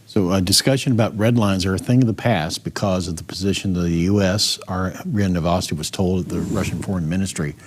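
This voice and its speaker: A man reading out news reports in a steady voice, then adding his own comment. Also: low voice, fairly quick, few pauses, breathy edge.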